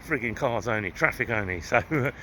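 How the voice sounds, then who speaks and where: A man's voice: medium pitch, expressive, fairly quick. An English man from England vlogging his travels while walking around, chatty and grumbling, with mild swearing and frequent chuckles. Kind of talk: casual walking vlog. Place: city streets outdoors. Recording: loud street and traffic noise.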